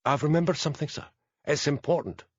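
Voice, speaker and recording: A man's voice: fairly high pitch, quick pace, slightly rough, no room sound, dull audio, voice pushed up. A man voicing an earnest, eager young woman police officer in an audiobook.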